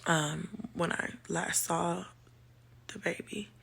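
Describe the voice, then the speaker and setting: Husky, gravelly woman, halting and shaken. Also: on the low side, fairly even intonation, fairly bright tone. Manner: halting, many pauses and fillers. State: shaken and emotional. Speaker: vlogger. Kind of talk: personal storytime vlog.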